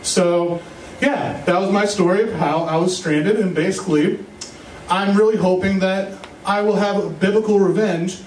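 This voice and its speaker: A young man doing stand-up, telling a rambling, self-mocking story with quick asides. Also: high-pitched, fairly even intonation, darkish tone. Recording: echoey room, mic a bit far, faint hiss.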